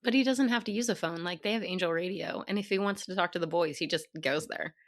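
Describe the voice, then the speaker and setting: Woman podcast guest, lower voice, casual filler-laden talk. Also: quick pace. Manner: conversational, filler-heavy. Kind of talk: casual chat.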